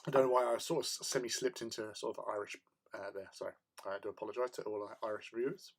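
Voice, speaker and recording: A man hosting a casual hobby livestream at his painting desk. He rambles in a chatty way with plenty of ums and soft laughs, and greets viewers from the chat. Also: on the low side, fast, slightly rough.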